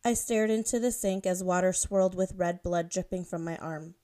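Woman, author, reads her own fan fiction aloud, steady, plain delivery. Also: on the low side, moderate pace. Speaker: author and reader.

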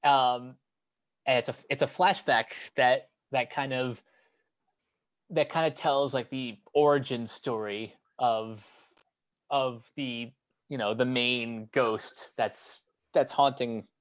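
An American man in a relaxed review chat picks his words slowly, stopping often with ums and restarting his sentences. His voice sits in an ordinary middle pitch. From United States. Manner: hesitant, many ums and restarts.

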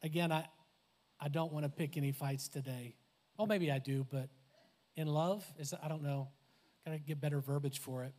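Man, pastor, high voice, animated conversational sermon, acts out quotes. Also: moderate pace, long pauses. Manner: animated, conversational preaching with laughs and asides.

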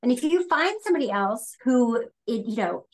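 A woman's voice: on the high side, animated, normal speed, darkish tone. A woman hosting a casual interview podcast, rambling through her questions and restarting them as she goes. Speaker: podcast host.

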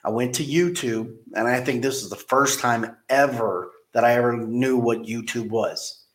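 A man, a car dealership manager, telling stories in a casual interview, rambling and repeating words as he lively retells events. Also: medium pitch, moderate pace. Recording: roomy echo.

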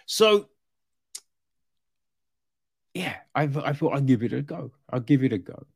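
A man's voice: medium pitch, lively intonation, unhurried, creaky, slightly rough, no room sound, studio quality. A man casually reviewing a TV series, rambling with fillers and restarts and growing exasperated as he rants. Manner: grows exasperated and loud when ranting.

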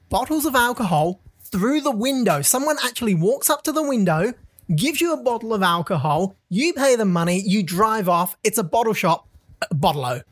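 A woman's voice: medium pitch, no room sound. Australian woman hosting a dry, close podcast. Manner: chatty, wraps up segments. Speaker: podcast host. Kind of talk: casual chat.

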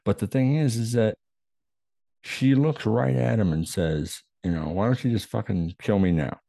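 A man with a very deep, dark voice chats casually on a podcast about a film. He is laid-back and profane and chuckles often. The recording is dry and close. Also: normal speed, creaky, no echo. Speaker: podcast co-host.

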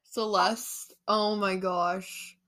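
Young woman, mid-pitch, casual chat, chatty animated plot recap, filler-heavy. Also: very slow. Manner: animated storytelling, lots of "like". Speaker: book discussion co-host. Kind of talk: casual chat retelling a novel.

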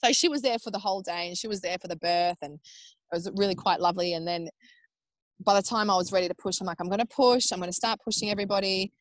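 An Australian woman in her thirties telling her own birth story in casual, animated talk, acting out what people said and swearing freely. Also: fairly low pitch, fast, no room sound. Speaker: podcast guest.

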